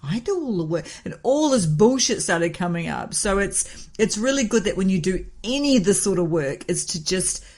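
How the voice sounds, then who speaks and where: A woman, hosting a casual conversation as a lively storyteller who swears freely and often laughs. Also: mid-range voice, moderate pace. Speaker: podcast host.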